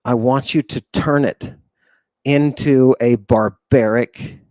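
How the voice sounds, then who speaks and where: A man's voice: mid-range voice, steady tone, slow pace, darkish tone, dry recording. A man teaching a Greek class, theatrical and emphatic, stretching key words, often asking the room "right?" and sighing in exasperation. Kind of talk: classroom lecture.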